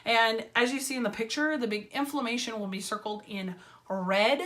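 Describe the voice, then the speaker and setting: A woman vlogger talks through a story-time video in a casual, rambling way. Her voice sits a touch high, and she leans on lots of fillers and dry sarcasm. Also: moderate pace, fairly bright tone. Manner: chatty, filler-heavy storytelling with wry sarcasm.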